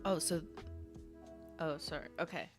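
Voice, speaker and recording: A woman's voice: sits low, steady tone, a little slow, faint music behind. A woman in her thirties from Canada, chatting casually on a livestream as she reads fan mail, laughing often and swearing now and then. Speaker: YouTuber host.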